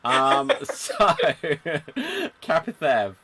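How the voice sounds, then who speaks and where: A man hosting a live improv comedy stream on a video call, briskly giving out games and laughing along. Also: medium pitch, sing-song, noisy background. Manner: brisk, chuckling, jokey hosting. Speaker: improv show host.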